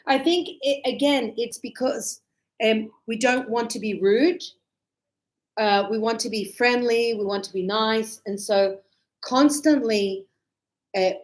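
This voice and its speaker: An Australian woman teaching English, chatty, acting out short example dialogues to explain everyday phrases. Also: on the high side. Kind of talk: online English lesson.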